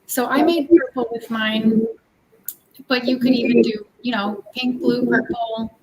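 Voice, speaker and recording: A woman calmly explaining a cookie decorating kit on a casual livestream. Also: a little high, a crowd in the background, rough recording. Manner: unhurried, explaining step by step. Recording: clear background noise with clicks.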